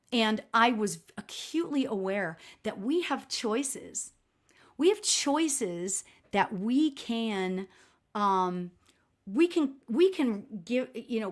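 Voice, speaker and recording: Middle-aged lady medium chatting on a live stream, kinda high voice, loud and expressive, keeps saying right?. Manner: self-described loud voice. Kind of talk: casual livestream storytelling.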